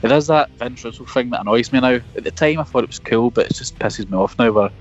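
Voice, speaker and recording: A man's voice: medium pitch, fast talker. A man co-hosting a casual wrestling podcast from his parked car, jokey, self-mocking and sweary. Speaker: podcast co-host. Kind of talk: casual chat. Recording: dull, lo-fi remote call.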